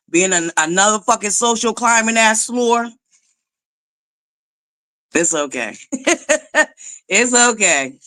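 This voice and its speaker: A woman's voice: a little high, bright, forceful tone, no echo. A woman hosting a casual livestream chat, talking straight to her viewers in a sassy, joking way, laughing often. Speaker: livestream host.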